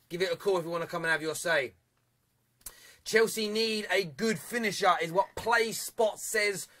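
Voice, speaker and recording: A young man hosts a live football phone-in, chatting with callers and reading out viewer comments. His voice sits high and sounds bright and forceful, and he laughs loudly and often. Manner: reads viewer comments aloud. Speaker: phone-in show host.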